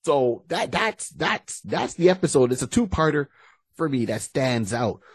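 Male podcast co-host, animated storyteller, slightly raised pitch, dry close sound. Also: unhurried, breathy edge, no echo. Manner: animated storytelling, acting out scenes. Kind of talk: casual chat.

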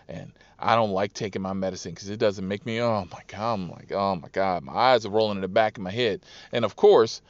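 A man who drives for a rideshare service, telling profane, animated stories about his riders and acting out their voices. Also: fairly low pitch, no echo. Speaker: rideshare driver and podcast host. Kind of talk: casual storytelling monologue. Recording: dull, dry lo-fi recording.

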